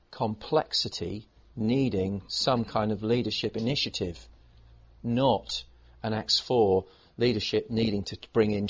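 A man preaching a sermon as a pastor, swinging between loud emphasis and hushed asides. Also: fairly low pitch, breathy edge. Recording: dull lo-fi recording.

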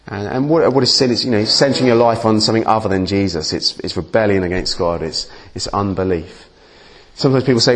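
A man's voice: on the low side, fast. A man giving a conversational sermon as a preacher, informal and often restarting his words. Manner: informal, restarts and repeats words, lively asides.

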